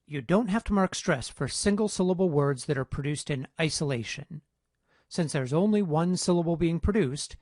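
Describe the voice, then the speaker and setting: A man lecturing on phonetic transcription in a measured, explanatory teaching tone. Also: fairly high pitch, darkish tone, no echo, studio quality. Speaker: linguistics instructor.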